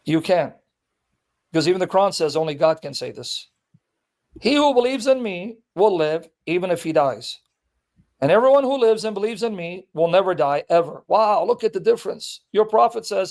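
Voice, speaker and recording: A man's voice: sits high, expressive, normal speed, darkish tone. A man debating a Muslim, insistently challenging him and reading scripture verses aloud with emphasis. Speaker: Christian apologist debating a Muslim.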